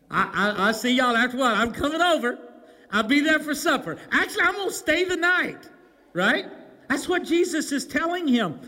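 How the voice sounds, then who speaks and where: A man preaching a sermon, telling the story with animation and swinging from loud calls to hushed, low lines. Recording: long hall reverb.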